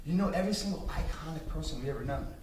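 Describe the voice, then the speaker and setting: An intense motivational speaker, a man with a fairly high voice, pressing his points hard and swearing freely. He is caught from a distance in a roomy hall, with faint ambience behind him. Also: expressive, racing, a little mellow, slight background noise. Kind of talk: motivational speech to business students.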